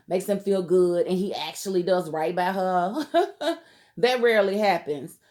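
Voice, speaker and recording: A TV show recap vlogger from Kentucky gives emphatic, heated, casual commentary on a show, full of outspoken slang. Her voice is fairly low in pitch and a little mellow.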